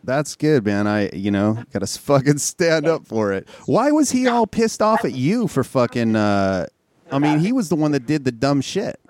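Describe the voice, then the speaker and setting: A man's voice: mid-range voice, very animated, normal speed, darkish tone. A man hosting a casual chat, joking, laughing often and swearing freely.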